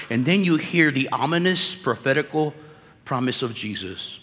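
A man preaching a sermon at a conference, animated and conversational, dropping casual slang as he talks to the crowd. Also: medium pitch, normal speed. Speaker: conference speaker. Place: conference hall. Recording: echoey hall reverb.

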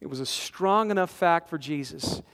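A man in his forties preaching a conversational sermon to a men's conference, animated, acting out quotes and repeating words as he presses his points. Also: a little high, moderate pace. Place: large conference hall. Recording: long hall reverb from a conference.

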